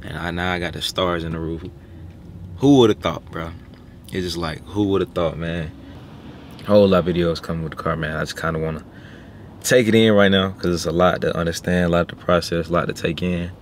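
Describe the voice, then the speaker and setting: A man's voice: low voice, steady tone, fairly quick. A young man from Little Rock, Arkansas, talking casually and reflectively to his viewers as a vlogger, with slang. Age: 20s. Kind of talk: casual vlog talk to viewers. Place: inside a car. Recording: noisy car interior.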